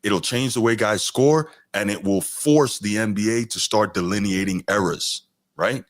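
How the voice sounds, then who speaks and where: A man's voice: fairly low pitch, normal speed, no echo. A podcast host talking casually to his chat, reacting to a clip and getting worked up and exasperated as he argues his point. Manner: animated and exasperated, voice rising sharply when ranting.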